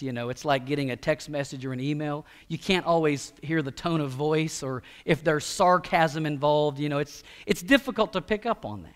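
Male pastor, middle-aged, high voice, chatty sermon delivery with stammered restarts. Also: a bit bright. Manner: conversational preaching with stammered restarts and quoted voices.

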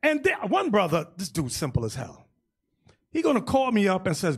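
A man preaching as bishop in an emphatic, loud sermon style. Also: sits high, wildly swooping pitch, normal speed, breathy edge. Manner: loud, emphatic, shouting at peaks. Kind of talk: animated sermon teaching.

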